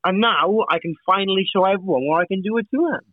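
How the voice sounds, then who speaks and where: A man's voice: sits high, fast talker, dry recording, narrow, tinny audio. A Welsh man, a boxer, telling jokey stories in a casual chat. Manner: excitable, jokey storyteller. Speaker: boxer guest.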